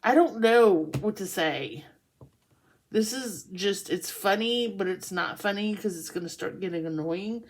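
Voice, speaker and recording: Woman, tarot reader, unhurried, giggly, casual chat. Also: mid-range voice, expressive, a little hiss or hum. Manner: laughing, amused, chatty.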